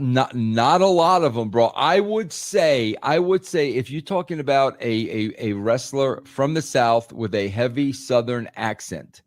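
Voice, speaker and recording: A man's voice: medium pitch, dry recording. A man with a mid-range voice makes his points in a casual podcast chat. He talks emphatically, repeats himself and drops "bro" often. The sound is dry and close. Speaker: podcast guest, former wrestling writer.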